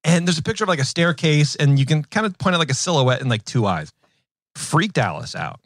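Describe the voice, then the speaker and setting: A man's voice: on the high side, fairly quick, no echo, clean studio sound. A man in his thirties hosting a podcast, chatting casually and telling stories with lots of fillers and restarts. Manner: rambling, animated storytelling with many fillers. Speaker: podcast host. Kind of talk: casual chat.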